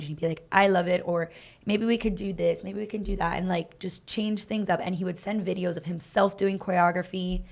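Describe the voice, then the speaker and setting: A woman co-hosting a podcast, telling animated stories in casual chat and acting out what people said. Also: on the low side. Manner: animated, acts out quoted dialogue, fast bursts. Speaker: podcast co-host, dance team coach.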